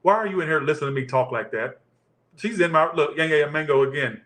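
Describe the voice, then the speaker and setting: A man's voice: on the high side, fast talker, a bit bright. A man doing a live tarot reading, talking in crude, profane, joking banter. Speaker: tarot reader. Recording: roomy echo.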